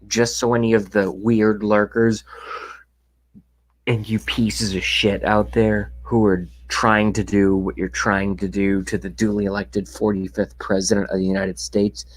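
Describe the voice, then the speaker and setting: Husky sarcastic man ranting on a livestream. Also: on the low side, flat delivery, a little slow, poor audio. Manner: sarcastic, profane, drops to whispers. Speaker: livestream host. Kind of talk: casual ranting live chat. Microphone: webcam mic.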